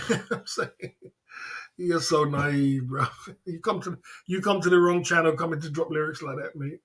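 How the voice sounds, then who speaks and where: A man's voice: on the high side, moderate pace, fairly bright tone. A man hosting a livestream, rambling and teasing viewers with chuckles in casual banter. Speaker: livestream host.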